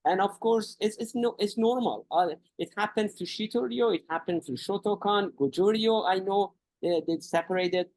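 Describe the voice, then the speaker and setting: Halting male guest, dry close sound. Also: sits high, darkish tone, no room sound, rough recording. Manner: halting, non-native phrasing with frequent restarts. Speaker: karate instructor guest. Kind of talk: conversational interview.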